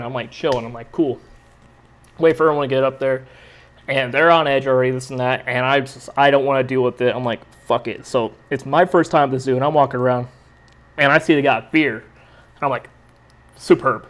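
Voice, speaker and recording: A young adult man hosting a podcast, telling a rambling, profane story in a casual, laid-back way. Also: mid-range voice. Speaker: podcast host.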